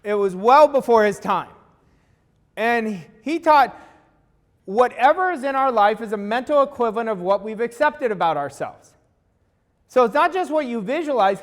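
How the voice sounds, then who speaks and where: A man with a strikingly high voice coaches an audience in a motivational talk. He drives his points home by saying them twice, with plain emphasis. His voice trails off into a long hall reverb. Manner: emphatic, repeats key lines for weight.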